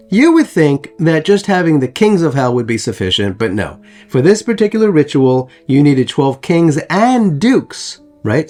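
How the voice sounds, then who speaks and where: A man's voice: fairly high pitch, a little mellow. A man hosting a history channel, narrating over photos in a chatty way with joking asides to the viewers.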